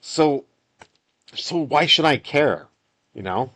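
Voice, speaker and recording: A man's voice: medium pitch, lively intonation, slow, a bit bright. Rambling man talking over gameplay. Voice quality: rambling, with frequent restarts and sighs. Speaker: solo game developer. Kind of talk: casual commentary over gameplay.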